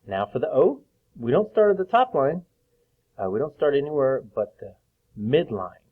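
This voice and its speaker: A man teaching a phonics lesson to young children, patiently drawing out each sound and clearing his throat now and then. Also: mid-range voice, very animated. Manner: slow, patient, drawn-out sounds. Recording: tinny phone-like recording.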